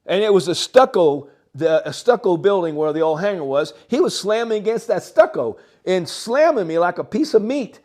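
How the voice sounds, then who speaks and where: An older man, telling a long story as a guest, animated and halting, with frequent chuckles. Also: sits high. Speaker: interview guest. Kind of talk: rambling storytelling.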